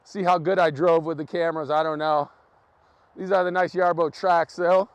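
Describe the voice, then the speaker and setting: A man with a fairly high voice hosts a live stream outdoors in bitter cold, talking casually to his viewers and laughing often. His voice comes through dry and close, with no room echo. He is recorded on a camera set up on a tripod. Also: steady tone, normal speed, clean tone. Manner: chatty, laughs a lot, talks to viewers. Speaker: livestream host. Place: outdoors in freezing wind and snow.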